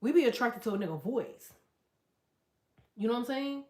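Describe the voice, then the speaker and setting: A woman hosting a casual livestream, telling stories in a loud, profane, animated way and reading out chat comments. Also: fairly high pitch, moderate pace, reverberant. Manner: profane, animated storytelling with quoted voices.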